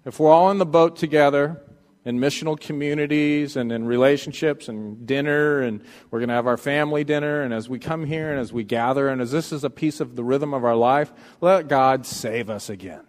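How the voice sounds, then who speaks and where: A man preaching a sermon, swinging from loud pleading passages to hushed, quiet ones. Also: mid-range voice, a little fast, in a large hall. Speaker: pastor.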